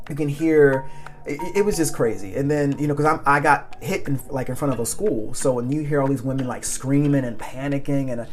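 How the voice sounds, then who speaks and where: A man hosting a podcast, telling a personal story in a rambling, animated way, often laughing and acting out what people said. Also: a little high. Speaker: podcast host. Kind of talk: casual storytelling monologue.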